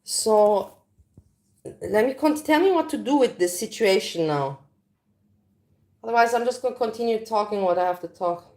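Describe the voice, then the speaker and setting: A woman's voice: fairly high pitch, animated, normal speed, pauses often, a little mellow. A woman chatting casually to viewers in a livestream from her home kitchen, talking frankly and rambling as she goes, recorded on a phone. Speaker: livestream host.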